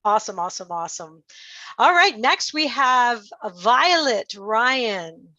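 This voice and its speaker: A woman's voice: a little high, big pitch swings, measured pace, pushed and bright, dry recording. A woman hosting an online panel, upbeat and encouraging as she introduces speakers. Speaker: host. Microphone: video call. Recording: dull lo-fi call audio.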